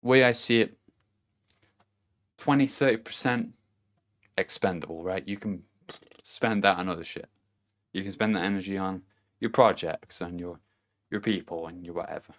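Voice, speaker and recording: Speaking at a normal pace with long pauses, this young male vlogger has a somewhat low voice and delivers a laid-back, profanity-heavy self-help rant. Laughing at his own remarks, he drops from forceful, punchy stresses into low mutters.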